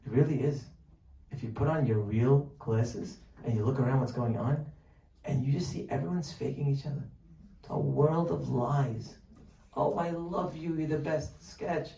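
A man giving a Torah talk as a sermon, animated and full of rhetorical questions, sometimes dropping to a near-whisper to act out pleading. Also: mid-range voice, moderate pace, gravelly, muffled recording. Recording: distant mic, echoey room, faint noise.

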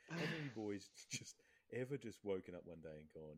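A man hosting a casual podcast chat, playful and quick to laugh. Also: fairly low pitch, very animated. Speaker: podcast host.

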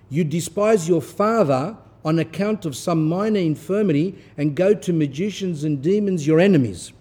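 Stern priestly man with a mellow voice. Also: high-pitched, slightly rough. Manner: stern, forceful reading broken by asides. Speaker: Orthodox priest giving a talk. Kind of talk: sermon reading a text with commentary.

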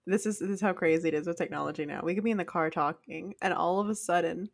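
A woman's voice: on the low side, quick pace, creaky, no room sound, clean studio sound. A woman co-hosting a podcast in casual chat, easygoing and talkative. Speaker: podcast co-host.

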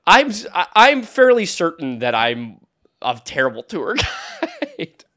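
Bright, lively young man telling stories. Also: high voice, slow. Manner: rambling storyteller, laughs often. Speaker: podcast co-host. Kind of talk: casual chat.

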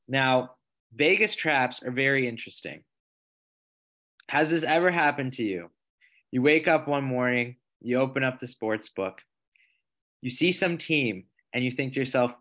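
Young male host, theatrical announcer delivery, mid pitch. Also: lively intonation, normal speed, a bit bright. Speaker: podcast host. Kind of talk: mock-dramatic segment hosting.

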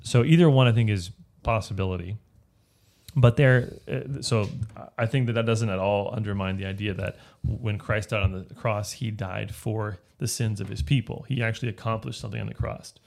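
Male Bible teacher, low gravelly voice, conversational and explanatory. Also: steady tone, moderate pace, darkish tone. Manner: explanatory, checks in with frequent "right?". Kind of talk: casual Bible study teaching.

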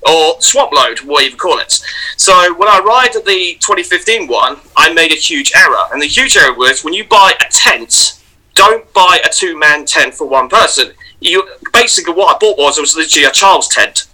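A man who is an actor, telling festival stories in a casual podcast chat with lively, swearing anecdotes. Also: fairly high pitch, normal speed, low-quality recording. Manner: animated storyteller, swears, acts out loud voices in anecdotes. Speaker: guest, actor and vlogger.

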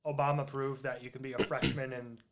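A man's voice: medium pitch, little pitch movement, fairly quick, background noise. A man hosting a casual political chat, speaking hesitantly with frequent fillers.

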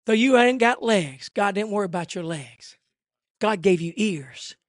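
A man preaching a revival sermon at a church service, swinging from hushed asides to shouted, rhythmic repetition. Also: high voice, animated, measured pace, no echo, clean studio sound. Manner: rhythmic repetition, rising cadence.

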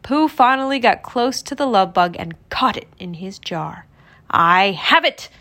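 A woman narrating a children's storybook read-aloud in an expressive, storytelling manner. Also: a little high, normal speed.

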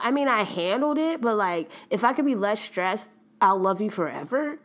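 A young adult woman hosting a podcast, telling a story in a chatty, animated way and laughing often. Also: on the high side, a little fast, hardly any pauses. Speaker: podcast host. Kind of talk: casual storytelling monologue.

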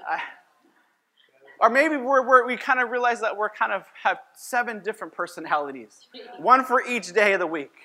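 A man's voice: high-pitched, moderate pace, bright, forceful tone. A man preaching as a pastor, telling a personal story in a conversational sermon and acting out his own lines.

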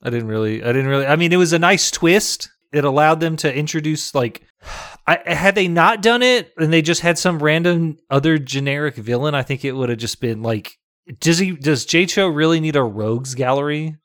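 In a clean studio recording with no room sound, a man with a slightly high, somewhat bright voice co-hosts a podcast at a moderate pace. The talk is a casual movie review, and he laughs a lot while acting out quotes.

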